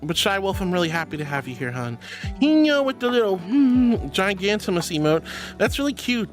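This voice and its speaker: A woman's voice: mid-range voice, sing-song, a little fast, soft background music. A woman live-streaming and chatting casually with viewers, affectionate and giggly, calling them sweetheart and hon. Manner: giggly, bubbly. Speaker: livestreamer.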